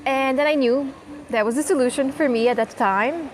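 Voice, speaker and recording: High-voiced chatty young woman from Croatia. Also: moderate pace, noisy background. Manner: chatty, self-deprecating, emotional. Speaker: vlogger. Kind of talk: casual vlog talk to camera. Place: outdoors in a hot town.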